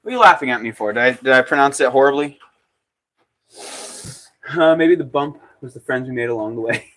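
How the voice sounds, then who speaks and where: A man's voice: medium pitch, animated, brisk, fairly bright tone. A young man making pottery on a livestream, chatting casually, joking and answering viewers' comments as he works.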